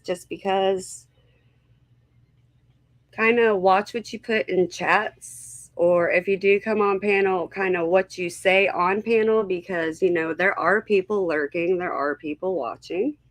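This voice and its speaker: A woman's voice: mid-range voice, slow pace, no echo. A woman hosting a casual livestream, greeting viewers one by one and sounding a little unsure of herself. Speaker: livestream host.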